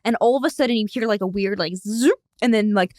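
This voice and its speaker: A young adult woman co-hosts a casual podcast chat, rambling through a made-up story full of "like" and restarts. Her voice is mid-range and darkish, her pace quick, and the recording is clean studio sound with no room echo.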